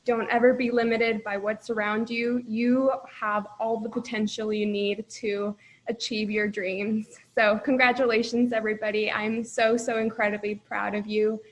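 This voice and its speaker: A woman's voice: fairly high pitch, level tone, normal speed, poor audio. A young woman congratulating graduates over a video call, emotional and holding back tears. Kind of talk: emotional speech.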